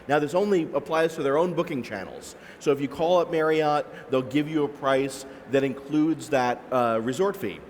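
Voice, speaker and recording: A man's voice: a little high, normal speed, hardly any pauses. Man explaining fees with many "right?" asides. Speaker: panelist. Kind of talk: explanatory panel talk. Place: large expo hall. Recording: echoey expo hall with faint noise.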